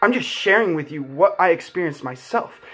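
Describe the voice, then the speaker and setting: Young male vlogger with a slightly raised pitch, sincere and rambling, speaks from the heart. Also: animated, moderate pace, fairly bright tone, husky. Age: young adult. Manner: heartfelt, rambling, many "like" fillers. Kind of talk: earnest personal storytelling.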